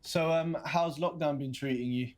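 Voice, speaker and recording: A man's voice: on the high side, moderate pace, a little mellow, close to an everyday voice. An actor with a London accent playing a nervous young man stammering through a video date in a game. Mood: awkward. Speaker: game protagonist. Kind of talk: game voice acting.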